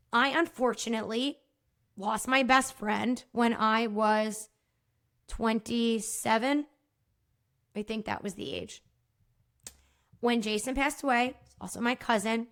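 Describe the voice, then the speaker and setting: A woman's voice: on the high side, fairly bright tone. A woman hosting a solo podcast, talking frankly and casually, swearing now and then and often checking in with "right?". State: choked up at times. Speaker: podcast host.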